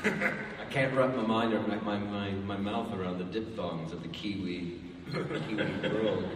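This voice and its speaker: A man's voice: lowish voice, fairly even intonation, unhurried, noisy background. A man answering fan questions on a convention panel, laughing at himself and stumbling over his words. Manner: self-deprecating, stumbling, laughing. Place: large convention hall. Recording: echoey convention hall from far off, loud crowd.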